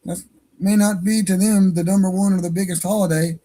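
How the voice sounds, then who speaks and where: A man with a high, mellow voice talks fairly quickly in a steady tone while hosting an online radio show from a home studio. His casual monologue is a heated, rambling, profane rant.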